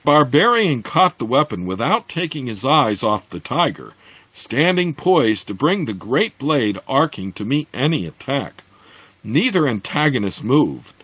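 A man reading a fantasy novel aloud, expressive, with occasional slips and restarts. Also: medium pitch, a little slow, breathy edge, dry recording. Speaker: reader.

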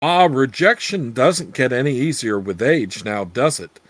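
A man's voice: mid-range voice, lively intonation, measured pace, dry recording. A man voicing a crude, scheming old female witch with brash, earthy talk.

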